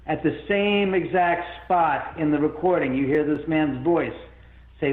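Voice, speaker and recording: A man telling a long story as an interview guest, rambling and animated, with many restarts. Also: a little high, a little slow. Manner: rambling, animated, full of restarts and self-quotes. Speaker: guest, haunted-house owner. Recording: phone-like line in an echoey room.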